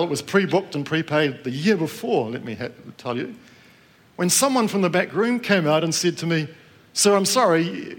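A man's voice: on the high side, fairly bright tone. A middle-aged man from New Zealand preaching to a live congregation, telling a personal story in a conversational way and asking the room questions.

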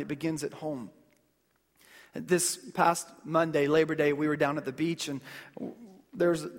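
High-voiced pastor preaching in a reverberant hall. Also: male voice. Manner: conversational preaching with illustrative stories and rhetorical questions. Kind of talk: sermon. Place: church sanctuary.

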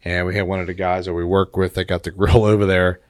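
A man's voice: deep voice, little pitch movement, fast talker, a little mellow, no echo, clean studio sound. A man chatting casually as a podcast guest, laid-back, laughing often and tacking "man" onto his sentences. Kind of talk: casual chat.

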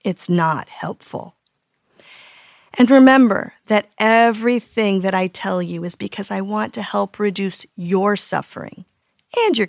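A woman in her fifties hosting a parenting podcast, reading scripted tips in an earnest, gently humorous way. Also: mid-range voice, no room sound, studio quality.

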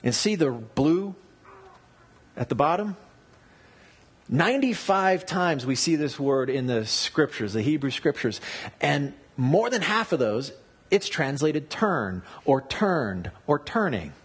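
A man preaching a sermon, explaining word meanings and telling stories in an animated way. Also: fairly high pitch, slow, husky. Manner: animated storytelling with wordplay and asides. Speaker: pastor.

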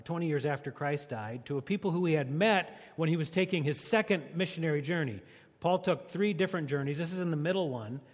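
A pastor preaches in an easygoing, joking way, his voice on the higher side for a man. It rolls out into a big space, trailing a long reverb. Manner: joking, conversational. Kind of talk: sermon.

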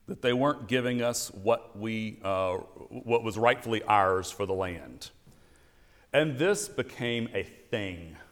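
A man giving a sermon as pastor, telling an animated story with wry asides. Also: fairly low pitch. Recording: long church reverb.

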